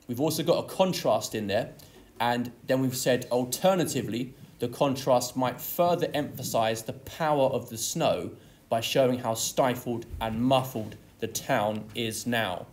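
A man's voice: medium pitch, a little mellow. A man teaching an English literature lesson, explaining a poem step by step and leaning on key words. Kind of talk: exam tutorial lesson.

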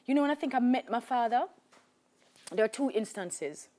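Jamaican lady on a talk show, kinda high voice, lively storyteller, repeats stuff for emphasis. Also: moderate pace. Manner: animated storyteller, acts out voices, emphatic repetition. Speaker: guest.

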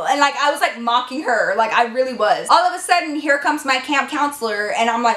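A woman's voice: high-pitched, expressive, fairly quick, hardly any pauses, fairly bright tone, reverberant, slight background noise. A young woman vlogger telling a dramatic story in casual chat, full of filler words and swearing.

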